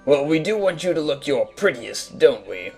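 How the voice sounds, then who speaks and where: A man voicing a scheming male villain vizier in a fan reading of a game scene, speaking low and quiet. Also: big pitch swings, moderate pace, gravelly, faint music behind.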